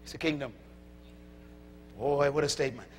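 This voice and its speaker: A male preacher delivering a sermon emphatically, calling out to the congregation and shouting at peaks. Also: mid-range voice, steady tone, normal speed, slight background noise. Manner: emphatic, calls to audience.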